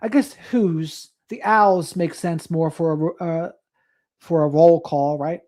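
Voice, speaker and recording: A late-night livestream host rambles slowly in a mellow, steady, mid-range voice. In this casual chat, he reads out viewer comments and drifts into asides.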